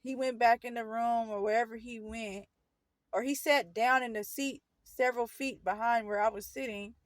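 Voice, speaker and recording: A woman's voice: on the high side, fairly even intonation, moderate pace, no echo. A woman casually recounting a painful personal story, rambling and correcting herself as she goes. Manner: rambling, self-correcting, earnest retelling. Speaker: storyteller vlogger.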